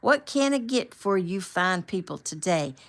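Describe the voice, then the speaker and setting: A woman's voice: on the low side, expressive, measured pace, fairly bright tone. A woman voicing an overly sweet, gushing waitress in an exaggerated Southern accent, drawling and syrupy, for an audiobook.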